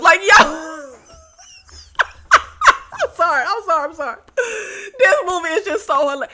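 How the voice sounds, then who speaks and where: Young woman ranting about horror flicks to her viewers, high voice, laughs a lot, cusses. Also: unhurried, long pauses. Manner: animated, laughing, swearing, talking to viewers. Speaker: horror movie reviewer. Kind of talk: casual vlog review.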